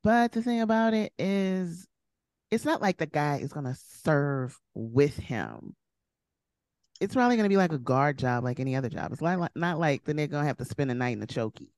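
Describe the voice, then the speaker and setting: A woman's voice: low voice, expressive, a little fast, darkish tone, dry recording, studio quality. A woman co-hosting a podcast in casual chat, blunt and sarcastic. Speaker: podcast co-host.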